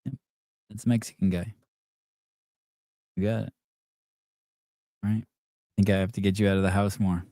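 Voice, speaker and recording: A man's voice: fairly low pitch, level tone, moderate pace, pauses often, mellow, dry recording, studio quality. A man hosting a podcast, teasing and quizzing a guest in casual, profane banter. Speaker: podcast host. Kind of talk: casual live-show banter.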